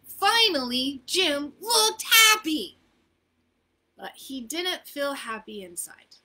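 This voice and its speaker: A woman librarian reading a picture book aloud at a children's storytime, gentle and expressive. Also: high-pitched, takes it slowly.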